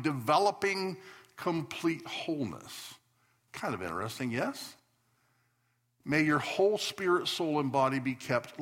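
A male pastor preaching a sermon, swinging between loud emphatic declarations and soft asides. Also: fairly high pitch. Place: church sanctuary.

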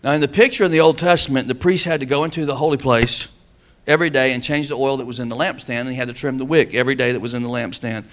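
A man's voice: mid-range voice, fairly even intonation, fast, a bit bright. A man preaching a sermon, calling on the congregation to answer back. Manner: preaching with call-and-response. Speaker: pastor.

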